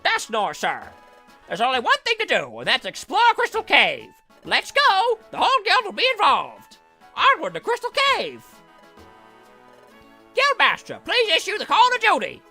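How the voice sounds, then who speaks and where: A man voicing Chatot, a fussy, high-strung male bird guild officer, in a shrill, excited, bossy way while reading video game dialogue. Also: normal speed, soft background music, exaggerated voice. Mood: eager, commanding.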